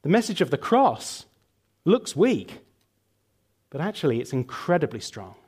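A man's voice: fairly high pitch, big pitch swings, a little fast, breathy edge. A man preaching a sermon and leading a prayer, emphatic and building through lists, later answering questions with some fillers.

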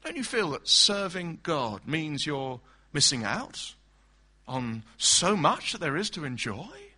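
A man's voice: on the high side, big pitch swings, slow, pushed and bright, breathy edge, heavily acted. A man voicing a sly male serpent who tempts with wheedling, mocking questions. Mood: insinuating.

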